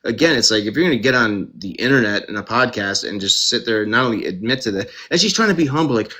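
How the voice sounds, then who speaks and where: Male live-streamer with a bright voice, ranting indignantly about a case into his phone. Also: mid-range voice, expressive, fast talker, hardly any pauses. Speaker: true crime live streamer. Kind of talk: casual live-stream commentary.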